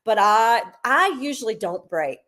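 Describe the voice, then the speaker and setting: A middle-aged woman from South Carolina, a Broadway singer chatting as a guest and telling stories with lively, half-sung bits. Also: on the high side, unhurried. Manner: animated storyteller, sings snatches of lines. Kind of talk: casual interview chat.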